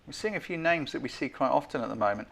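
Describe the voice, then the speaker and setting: A man's voice: mid-range voice, lively intonation, quick pace, vocal fry, fairly bright tone. A man hosting a live-stream photo critique, chatty and self-deprecating, often turning to ask viewers what they think. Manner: chatty, keeps asking viewers' opinions. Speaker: host giving photo feedback.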